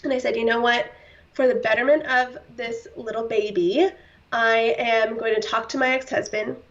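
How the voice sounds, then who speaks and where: A woman with a fairly high voice speaks as a podcast guest, recounting her own story in a candid, heartfelt way. She leans on fillers and slips in brief laughs. Her voice sits a little back from the mic, and the sound is somewhat dull. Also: steady tone, normal speed. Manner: heartfelt, earnest, with short laughs and many fillers. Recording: slightly distant, dull-sounding.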